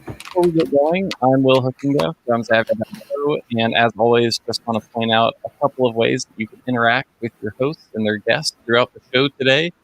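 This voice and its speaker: Brief: male producer, stream opener, clear instructions, upbeat. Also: medium pitch, brisk, a little hiss or hum, rough recording. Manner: friendly, instructive. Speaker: event producer. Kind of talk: live-stream introduction.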